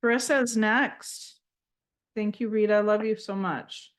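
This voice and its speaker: Gentle, emotional woman giving a spiritual reading. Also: fairly even intonation, measured pace. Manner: speaks in flowing, high, invented-sounding syllables at times. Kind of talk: live intuitive reading.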